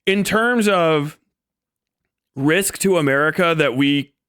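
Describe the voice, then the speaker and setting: A man's voice: on the high side, slow, a bit bright, clean tone, no room sound, studio quality. A man hosting a live stream, ranting in a profane, mocking way and mimicking people sarcastically. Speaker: streamer host.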